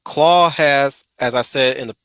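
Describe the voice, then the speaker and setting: Bright-voiced man, halting chatty host. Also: medium pitch, smooth, dry recording. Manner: stumbling restarts, repeats words. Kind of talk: casual stream discussion.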